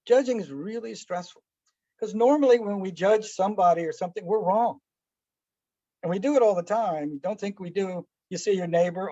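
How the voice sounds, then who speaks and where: A meditation teacher with a high voice gives a relaxed, conversational lesson at a moderate pace, mellow in tone. He poses rhetorical questions and acts out anecdotes with little voices. The recording is dull, lo-fi and dry, with no room sound.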